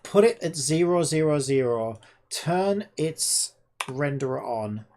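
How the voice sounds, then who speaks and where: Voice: mid-range voice, animated, slow pace, a little mellow, slight background noise. A game developer talking to themself while working, muttering and swearing in frustration at the screen. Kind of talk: casual self-talk while coding.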